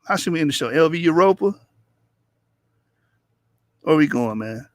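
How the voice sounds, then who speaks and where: A man's voice: fairly high pitch, lively intonation, moderate pace, no echo, studio quality. Chatty, teasing man hosting a livestream. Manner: loose, chatty, teasing, laughs often; addresses viewers in the chat directly. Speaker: livestream debate host. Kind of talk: casual livestream commentary.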